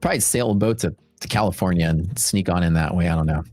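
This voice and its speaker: A Texan man hosts a trading livestream in a loose, rambling chat. His voice sits low and close on a dry mic, and faint music runs quietly in the background. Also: fast talker, hardly any pauses, no echo. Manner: rambling, chatty, with frequent fillers and asides.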